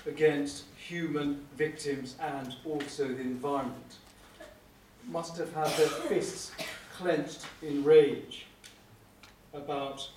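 A middle-aged man, a prosecuting barrister, giving a wry, anecdotal conference lecture with frequent "uh" pauses. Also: fairly high pitch, darkish tone. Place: lecture hall. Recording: echoey room, speaker far from mic, faint hum.

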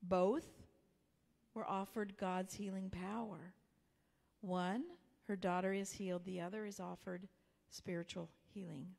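A woman pastor, telling a personal story in a sermon in a conversational way, sometimes dropping to a soft whisper. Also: medium pitch, steady tone, unhurried, vocal fry. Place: church sanctuary. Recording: long hall reverb.

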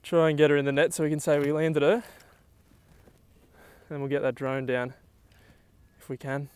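A young man talking outdoors on the water while fishing, exclaiming excitedly to the camera. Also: on the high side, normal speed, clear, resonant tone. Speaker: fishing vlogger.

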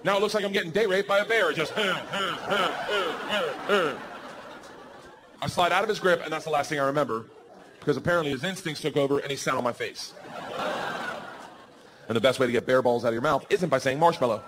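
A male comedian telling a wild story on stage, loud and animated, breaking into shouts. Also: fairly high pitch, quick pace, noisy background.

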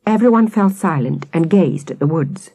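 A woman narrating a children's audiobook with an expressive, dramatic reading. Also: low voice, normal speed, breathy edge, no echo.

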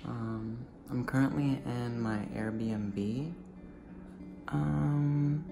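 A man's voice: mid-range voice, creaky. A young man from Florida vlogging casually while driving past old haunts, gushing and nostalgic, repeating himself. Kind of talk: casual vlog, driving tour. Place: car.

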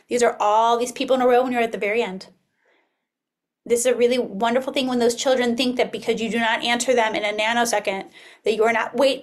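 A woman in her thirties presenting an early childhood webinar, acting out classroom dialogue as she teaches. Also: sits high. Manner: animated, acts out classroom dialogue.

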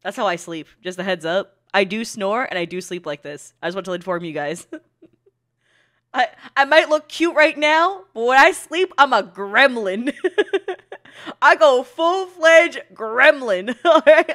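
A woman's voice: on the high side, expressive, measured pace, a bit bright. A young woman streaming an anime reaction, laughing so hard she cries and mocking herself with plenty of swearing. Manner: giggly, self-mocking, swearing freely. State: laughing to tears. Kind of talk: casual reaction commentary.

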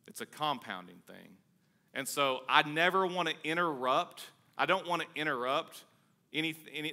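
A man preaches to his congregation in a loose, chatty way, joking and pushing with energy. His voice is very bright and forward, sitting at an ordinary pitch for a man. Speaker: pastor. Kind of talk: conversational sermon.

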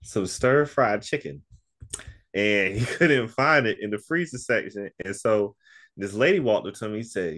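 Male podcast guest with a very low voice, easygoing storyteller, casual. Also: expressive, unhurried, fairly bright tone. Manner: laid-back storyteller, laughs often. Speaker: podcast guest and co-host of another podcast. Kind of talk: casual interview chat.

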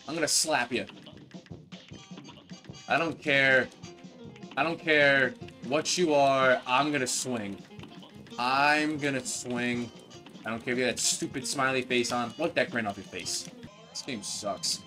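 A young man giving live commentary as he plays a video game, frustrated, yelling at the boss and rambling in jokes. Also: mid-range voice, a little slow, pauses often, soft background music. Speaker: gamer playing a video game.

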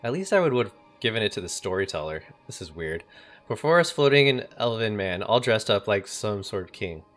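A man's voice: on the low side, expressive, fairly quick, a bit bright, faint music behind. A man streaming a game, reading its story aloud with casual asides.

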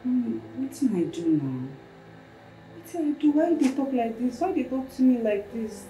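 A woman's voice: high voice, very animated, normal speed, recorded from a distance, slight background noise. An actress with a Nigerian accent playing a defensive young woman who was once a maid. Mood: pleading. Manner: pleading, defensive. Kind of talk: Nollywood film acting. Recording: echoey room, voice from off-mic, loud music.

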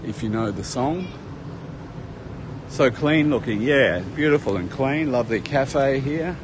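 A man's voice: medium pitch, animated, measured pace, background noise. A man rambling through a casual walking tour of a beach park, talking to viewers as he goes. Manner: chatty, rambling, addresses viewers as folks. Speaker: travel vlogger. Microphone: handheld camera while walking.

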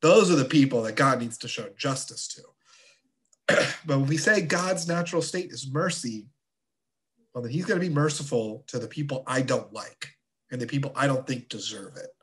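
A man teaching a confirmation class of teenagers in a relaxed, chatty way with playful asides. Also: mid-range voice, normal speed. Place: church.

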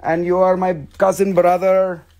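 A man's voice: sits high, level tone, a little slow, darkish tone. A man putting on the voice of a pushy haggling street vendor who speaks broken English and runs heavy sales patter. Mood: wheedling.

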